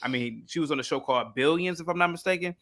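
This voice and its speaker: A male podcast guest with a bright voice set a bit high. He talks in an emphatic, profane way, telling his points like a story. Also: fast. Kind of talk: casual podcast chat.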